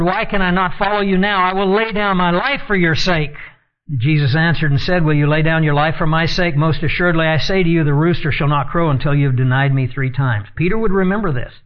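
A man teaching a sermon in an earnest tone, reading scripture aloud and explaining it. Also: a little high. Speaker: Bible teacher. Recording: dull lo-fi recording.

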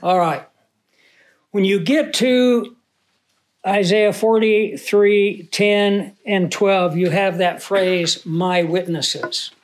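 A man preaching a Bible teaching sermon in a conversational way, asking the audience questions and reading scripture slowly with emphasis. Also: high-pitched. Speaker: pastor.

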